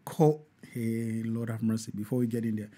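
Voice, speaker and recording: A man hosting a live online show, talking in an animated, preachy way with frequent restarts and self-corrections. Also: lowish voice, moderate pace. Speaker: host.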